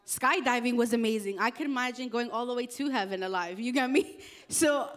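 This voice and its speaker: A young adult woman, a youth pastor, preaching a casual youth sermon in a chatty, animated way with slangy asides. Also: a little high, a little fast.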